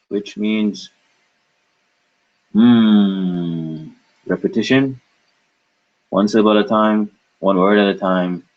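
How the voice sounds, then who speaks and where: A low, husky man teaching pronunciation at a very unhurried pace. He drills each syllable patiently and repeats words over and over. The recording is dull and lo-fi. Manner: patient, drawn-out repetition of syllables. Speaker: language teacher. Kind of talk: slow pronunciation lesson with drills.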